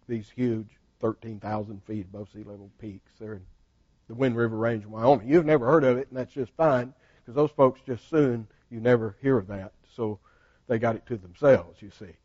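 An older man teaching a Bible study in a folksy storytelling manner, animated and laughing often. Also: mid-range voice, moderate pace, dry recording. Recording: dull, dry lo-fi recording.

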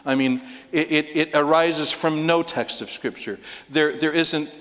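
A man preaching a sermon, emphatic and animated, leaping up in pitch to stress his points. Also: measured pace. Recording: long hall reverb.

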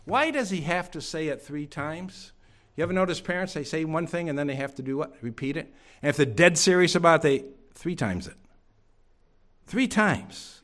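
A man preaching a sermon to a congregation in a church. He asks many rhetorical questions and drops to a hush at times. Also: fairly high pitch.

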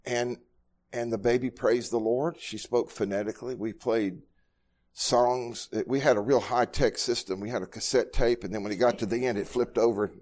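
A man's voice: medium pitch, fairly even intonation, normal speed, a little mellow. A middle-aged man preaching at a Bible study, with a mid-range voice. He speaks earnestly and plainly, often doubling words as he goes. His delivery sounds like a pastor teaching his congregation. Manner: earnest, repeats words when moved.

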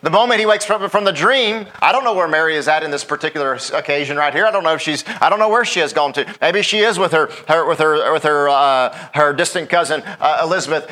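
A man's voice: on the high side, bright, forceful tone. A middle-aged man, a pastor preaching a sermon in a folksy way, often asking the congregation "Amen?".

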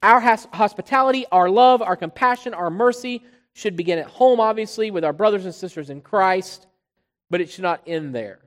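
A preacher giving an expository sermon, pressing hard on key words and then dropping low and quiet, often repeating phrases while building a point. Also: normal speed. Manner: emphatic, swinging between loud stresses and quiet drops. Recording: long hall reverb.

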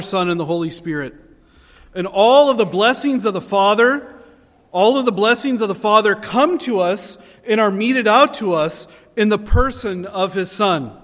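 High-voiced man preaching in a reverberant hall. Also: a bit bright. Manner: earnest preaching, rising in emphasis on key phrases. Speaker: pastor. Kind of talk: sermon. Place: church sanctuary.

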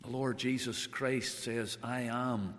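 A man preaches a sermon, swinging between loud, emphatic declarations and hushed, tender passages while often repeating phrases for emphasis. His medium-pitched voice is slow with fairly even intonation, and a long hall reverb surrounds it.

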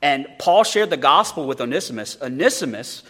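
A man's voice: mid-range voice, very animated, normal speed, a bit bright, husky. A male pastor preaching a sermon in an earnest way, often repeating words as he starts a phrase.

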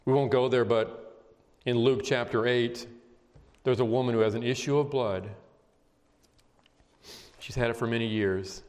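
A man's voice: medium pitch, steady tone, measured pace, pauses often. Emotional man preaching in a reverberant hall. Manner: emotional, emphatic preaching with quiet intense passages. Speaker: pastor. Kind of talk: sermon. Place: church sanctuary. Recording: long reverb of a large hall.

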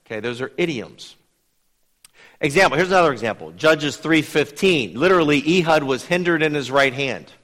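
A man teaching a Bible study in a lively, conversational way, putting questions to his listeners. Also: fairly high pitch, normal speed, in a large hall. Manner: lively, asks the audience questions.

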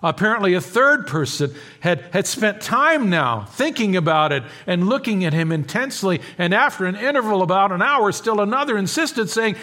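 Dramatic pastor with a fairly high voice. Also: male voice, animated. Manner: dramatic, swinging between hushed and emphatic; halting restarts and repeated words. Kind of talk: expository sermon.

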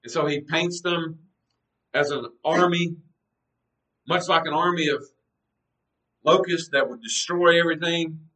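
A man's voice: fairly high pitch, fairly even intonation, unhurried, pauses often, sharp tone, recorded from a distance, rough recording. A man teaching a sermon in an earnest, conversational way, reading scripture aloud with emphasis. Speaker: pastor.

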